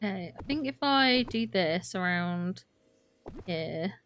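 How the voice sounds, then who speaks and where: Smooth, a bit bright and on the low side, her voice is expressive as she takes her time narrating a livestreamed game, flustered and chatty, laughing and exclaiming often. She's mostly talking to herself.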